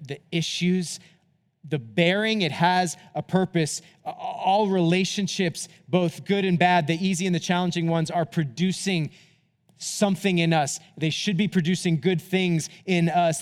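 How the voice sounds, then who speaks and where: An earnest male pastor preaching in a fairly high voice. He swings between fervent appeals and soft, hushed pleading. His words carry a long reverb from the church hall. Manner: earnest, rising to impassioned appeals, then quiet and hushed in closing. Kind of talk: sermon.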